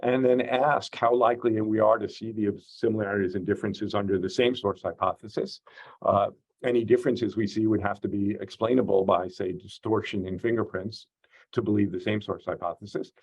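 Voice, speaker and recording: A man teaching an online course, explaining slowly and carefully with many "uh" and "um" fillers. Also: lowish voice, steady tone, a little mellow, husky, highs cut off. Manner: measured, explanatory, frequent "uh" and "um" fillers. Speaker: course instructor. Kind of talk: online lecture.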